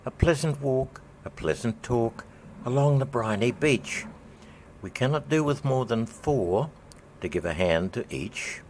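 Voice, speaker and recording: A man's voice: mid-range voice, lively intonation, a little slow, a little hiss or hum, voice pushed up, close to an everyday voice. A man voicing a pompous, sly and sentimental old male walrus in a storybook reading. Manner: theatrical, raised storybook voice.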